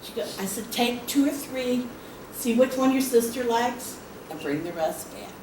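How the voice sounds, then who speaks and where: Chatty woman telling stories at a club meeting, kinda high voice, far off mic. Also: expressive, moderate pace. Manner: chatty, laughing storyteller with fillers. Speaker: guild member speaking on charity. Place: meeting hall. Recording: echoey hall from far off, hiss.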